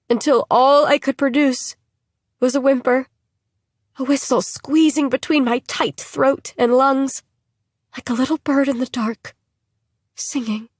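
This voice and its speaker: A woman narrating a first-person audiobook passage in a slow, hushed way. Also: a little high, no room sound.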